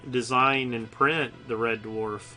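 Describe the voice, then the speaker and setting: An easygoing man with a mid-range voice talks casually and with enthusiasm. Music plays clearly behind him. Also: medium pitch, fairly even intonation, takes it slowly, sharp tone. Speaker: game master and podcast host. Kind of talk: casual chat.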